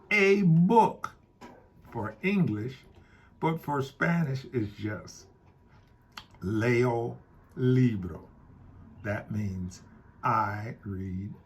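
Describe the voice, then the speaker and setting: A man teaching a Spanish grammar lesson, explaining slowly and repeating key points. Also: mid-range voice, husky. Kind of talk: classroom-style grammar lesson.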